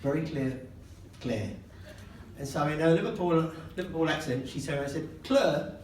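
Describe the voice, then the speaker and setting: A man's voice: a little high, steady tone, fast. An older man giving a father-of-the-bride speech, telling self-mocking jokes and laughing between lines. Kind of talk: wedding speech. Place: wedding reception hall, indoors. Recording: echoey hall, distant and noisy.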